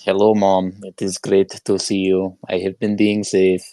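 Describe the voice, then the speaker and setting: A man's voice: low voice, completely flat delivery, moderate pace, mellow, no room sound, natural voice. A man voicing a flustered grown daughter who stammers sheepishly in front of her mother during a tabletop role-play.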